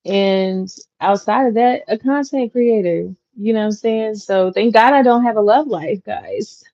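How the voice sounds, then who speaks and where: A woman in her thirties hosting her own channel, chatting casually with viewers in a relaxed, slangy way with lots of fillers. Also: medium pitch, a little slow. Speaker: content creator, channel host. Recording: dull lo-fi audio. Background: clacking noise.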